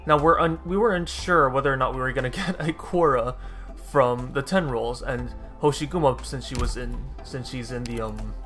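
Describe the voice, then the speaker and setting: A man's voice: medium pitch, moderate pace, fairly bright tone, faint music behind. A man giving casual, rambling commentary over his own gameplay, often correcting himself and dropping dry sarcastic asides. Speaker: gaming YouTuber.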